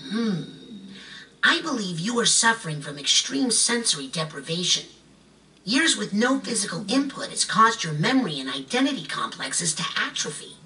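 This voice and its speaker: A performer voicing an earnest, curious young psychic boy in a game, inquisitive and gently coaxing. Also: mid-range voice, sing-song, normal speed, a little hiss or hum. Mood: reassuring. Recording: distant voice over game music.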